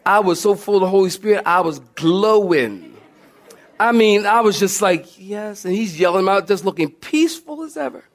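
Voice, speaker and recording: A male pastor delivers a sermon in a high, lively voice. He tells stories with humor and animation and talks directly to the congregation. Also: moderate pace. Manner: southern-style "y'all" to congregation.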